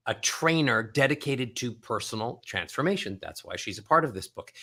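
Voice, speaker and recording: Man, interview host, upbeat praising tone, bright sharp voice. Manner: enthusiastic, heaps praise, sales pitch. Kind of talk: interview and book promotion.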